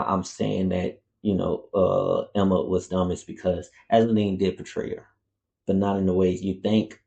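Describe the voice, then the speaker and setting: Man, low mellow voice, rambling casual review, excitable, swears a lot. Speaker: comic book reviewer.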